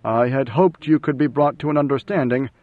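Solemn older steward read by a male narrator, controlled and measured, close dry sound. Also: medium pitch, no room sound, phone-quality sound, natural voice. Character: man, older major domo, grave and controlled.

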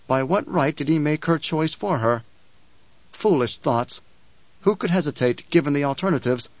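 A male narrator reads with a measured, dramatic delivery, his voice a touch high for a man. The recording is dull and muffled, with a dry, close sound and no room. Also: animated, no echo. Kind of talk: audiobook narration.

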